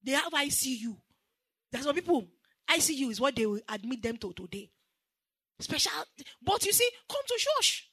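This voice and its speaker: A woman with a Nigerian accent preaches a sermon in a high, lively voice. Her tone is bright and ringing, and she is recorded dry and close. She drives her points hard and has the congregation answer back. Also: normal speed, dry recording. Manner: emphatic, call-and-response with the congregation.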